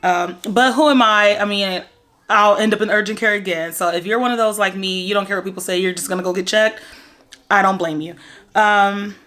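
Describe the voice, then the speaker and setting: A woman's voice: medium pitch, a little fast, bright, forceful tone. A young woman chatting casually to camera at home, rambling with lots of fillers. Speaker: vlogger sharing pregnancy updates. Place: at home in her bedroom.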